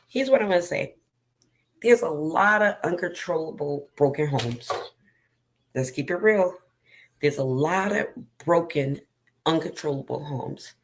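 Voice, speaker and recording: Slow, gravelly-voiced woman vlogger. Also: deep voice. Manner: slow, earnest and emotional, addressing viewers directly. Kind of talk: personal storytime talk.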